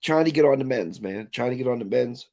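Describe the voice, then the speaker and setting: A man's voice: mid-range voice, animated, quick pace, a little mellow. A man hosting a casual livestream, ranting and reading viewer comments aloud. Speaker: livestream host.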